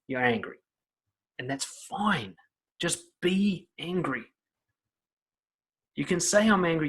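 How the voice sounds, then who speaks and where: A man's voice: fairly high pitch, a bit bright. A man giving blunt, profane self-help advice straight to the viewer in an emphatic monologue.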